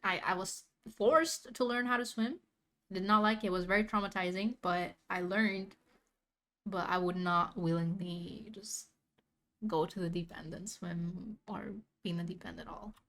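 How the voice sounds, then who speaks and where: A woman's voice: fairly low pitch, steady tone, normal speed, a bit bright. A young woman chatting casually as she reacts to a video, rambling in slang and laughing often.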